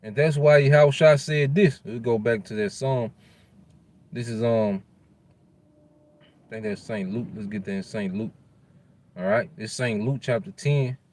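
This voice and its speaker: A man's voice: mid-range voice, unhurried, long pauses, a little mellow. A man giving an informal scripture lesson. He uses loose street slang, tags "man" onto nearly every phrase, and stumbles while looking up verses. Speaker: religious teacher.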